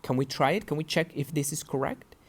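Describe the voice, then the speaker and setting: A man's voice: a little high, a little fast. A man teaching English pronunciation, patiently repeating example words and checking in with his listeners. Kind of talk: pronunciation lesson.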